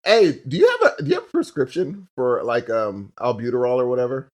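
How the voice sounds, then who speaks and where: A man's voice: mid-range voice, a little fast, a little hiss or hum. A man co-hosting a podcast in casual chat, teasing his partner and laughing as he tells stories. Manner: teasing, laughing, animated storytelling. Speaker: podcast co-host.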